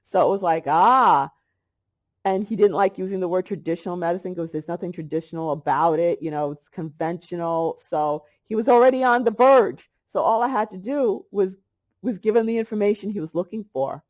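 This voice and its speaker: A woman's voice: on the low side, a little fast. A middle-aged woman vlogging about holistic health, telling a story in a chatty way and acting out both sides of a conversation. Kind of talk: casual spiritual monologue.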